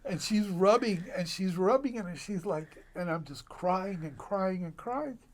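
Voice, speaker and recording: Older male doctor guest, unhurried and lively storyteller, slightly higher-pitched voice. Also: a little hiss or hum. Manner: animated, laughing storyteller with dramatic pauses. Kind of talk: personal storytelling in conversation.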